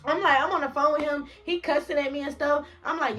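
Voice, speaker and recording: A young woman tells a storytime vlog story, cussing freely and sounding exasperated. Her voice sits somewhat high and comes across bright and sharp. She talks casually and animatedly. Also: steady tone, a little fast, few pauses. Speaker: indie rap artist telling a story.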